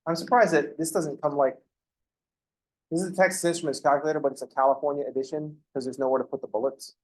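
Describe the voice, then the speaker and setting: A man's voice: fairly high pitch, fairly even intonation, fast. Joking man lecturing on calculus. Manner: joking asides, self-interrupting. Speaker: math teacher. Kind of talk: classroom lecture. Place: classroom.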